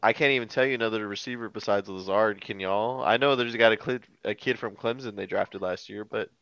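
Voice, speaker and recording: A man's voice: lowish voice, fairly quick, fairly bright tone, clean tone, no echo, highs cut off. A man co-hosting a sports podcast, joking and giving loose opinions. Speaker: podcast co-host. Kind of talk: casual sports podcast chat.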